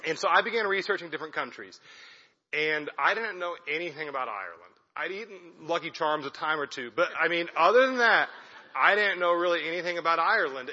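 A man's voice: on the high side, pushed and bright. A young man, a missionary, giving a chatty, self-deprecating talk to a church congregation. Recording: echoey hall, dull lo-fi sound.

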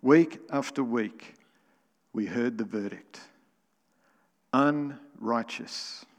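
A man's voice: mid-range voice, lively intonation, takes it slowly, big-room sound. A man preaching a sermon as pastor, emphatic and building to exclamations. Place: church.

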